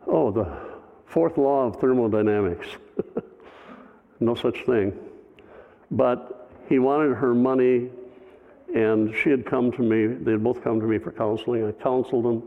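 A man's voice: mid-range voice, gravelly. A man, a pastor, telling a personal story in a sermon, conversational with wry humor. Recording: phone-like, long hall reverb.

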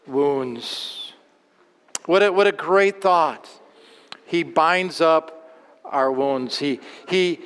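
Male pastor, sermon, resonant high tenor, long hall reverb. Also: fairly bright tone, clear, resonant tone. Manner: earnest, repeats words, slows on key phrases. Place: church sanctuary.

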